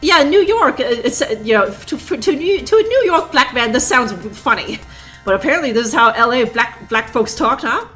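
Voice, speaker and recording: Bright, high-voiced sarcastic woman streamer. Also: expressive, moderate pace, soft background music. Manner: sarcastic, rambling, laughs often. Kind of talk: live game commentary.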